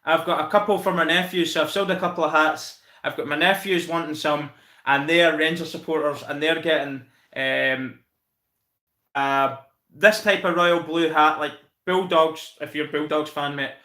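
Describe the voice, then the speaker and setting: A man's voice: a little high, steady tone, moderate pace, pushed and bright, roomy sound. A Scottish man hosting a casual live stream, chatting with viewers, thanking them by name and calling them mate. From Scotland. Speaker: channel host reviewing football.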